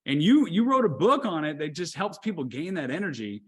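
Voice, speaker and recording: A man's voice: fairly high pitch, sing-song, a little fast. Affirming man hosting an interview. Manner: thoughtful, affirming, repeats words as he thinks. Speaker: podcast host. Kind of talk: conversational interview questions.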